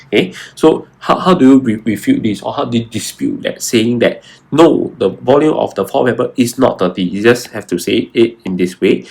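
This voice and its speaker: A man's voice: medium pitch, big pitch swings, moderate pace, vocal fry, slightly rough. A young adult man, walking through a science exam paper and stressing key words again and again. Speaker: science tutor. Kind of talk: exam walkthrough lesson.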